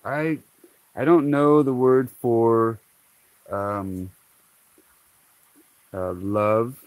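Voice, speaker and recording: A man's voice: medium pitch, steady tone, extremely slow, a little mellow, no room sound. A man from Hawaii, chatting casually to his viewers, laughing often and rambling with lots of fillers. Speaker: vlogger. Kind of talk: casual chat to camera.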